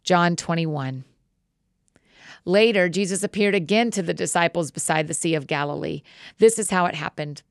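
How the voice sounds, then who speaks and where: A woman host reading scripture aloud in a steady, measured way. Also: on the low side, gravelly, dry recording, clean studio sound.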